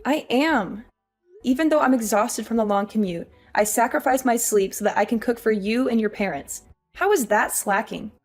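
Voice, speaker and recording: An actress playing an exhausted young working wife, weary and pleading. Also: female voice, a little high, normal speed, soft background music, natural voice. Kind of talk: audio drama acting.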